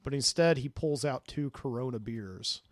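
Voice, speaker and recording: A man's voice: mid-range voice, moderate pace, no room sound. A man hosting a podcast, telling a dream story in a rambling way with many fillers, recorded in a studio. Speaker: podcast host.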